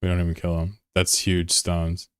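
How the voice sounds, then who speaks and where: A man chatting casually on a live game stream, excitable and swearing freely as he answers chat between calls. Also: deep voice, moderate pace, smooth, no room sound, clean studio sound.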